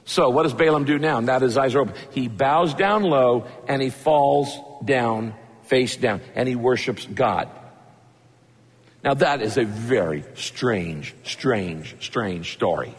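A male pastor preaching a sermon, telling the story with lively asides and acting out the characters' lines. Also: medium pitch, measured pace. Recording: long hall reverb.

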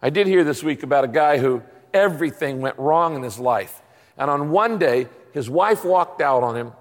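Pastor guy giving a sermon, highish voice, acts out bits, big echoey church. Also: moderate pace. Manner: animated, acts out voices in anecdotes. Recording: long reverb of a large hall.

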